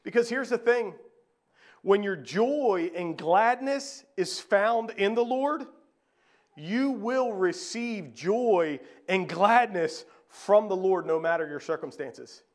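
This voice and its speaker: A man preaching a sermon, reading scripture and asking rhetorical questions, swinging between a raised voice and a hushed one. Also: sits high, lively intonation, slow pace. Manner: reads scripture aloud, repeats phrases.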